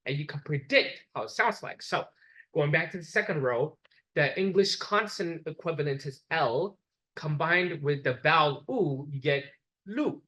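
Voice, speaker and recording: A man's voice: fairly high pitch, normal speed, bright, forceful tone, low-quality recording. Man lecturing patiently to a class. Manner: patient, explanatory, repeats examples for the class.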